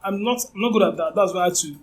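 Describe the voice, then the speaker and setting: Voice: medium pitch, racing, low-quality recording. A voice acting teacher giving an informal lecture, talking conversationally and often checking that the listener understands.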